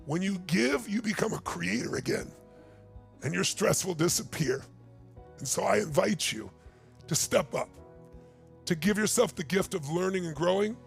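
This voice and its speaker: A man's voice: high-pitched, expressive, normal speed, long pauses, soft background music. A man in his sixties, a motivational speaker telling a story in a keynote talk, emphatic and building to urgent appeals. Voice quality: gravelly.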